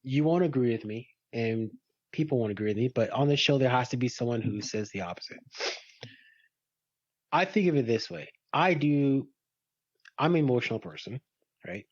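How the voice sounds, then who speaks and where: A man's voice: medium pitch, animated, normal speed, long pauses, a little mellow, no echo. A man co-hosting a podcast, chatting candidly about how he handles arguments with his girlfriend. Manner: candid, talks through his own relationship habits. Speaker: podcast co-host. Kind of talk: casual chat. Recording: dull dry sound.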